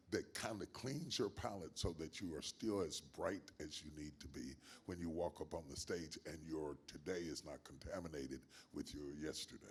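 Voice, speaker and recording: An older man with a very low, husky voice talks as a guest pastor in an interview. He builds his points with a measured preaching cadence, leaning on repetition and emphasis.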